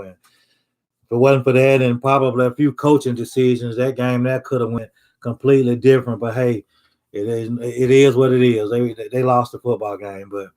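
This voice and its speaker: A man giving a casual sports monologue, rambling with many fillers and loose Southern phrasing. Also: mid-range voice. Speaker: sports commentator.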